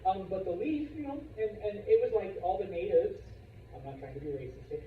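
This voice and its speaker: A man's voice: sits high, very animated, brisk, slight background noise. A man teaching history in a casual, jokey way, acting out people's voices while he lectures to a classroom. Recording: roomy, distant, dull classroom recording.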